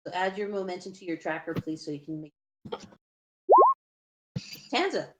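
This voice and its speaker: A woman running a tabletop game as game master, calling out rolls and rules in a brisk, instructive way. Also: lowish voice, expressive, heavy background noise.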